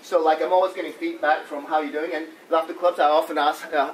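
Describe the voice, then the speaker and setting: A man's voice: fairly high pitch, fairly even intonation, moderate pace. A man leading a laughter club workshop in a playful way, breaking into laughs as he shows the exercises to a room full of people. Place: conference room with an audience. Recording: echoey room, mic far off, audience noise.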